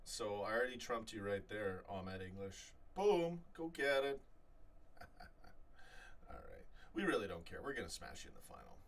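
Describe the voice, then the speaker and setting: A man hosting a live fan chat stream, reading out viewer comments in an animated, rambling way full of restarts. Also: lowish voice, moderate pace, vocal fry, recorded from a distance. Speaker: fan channel host.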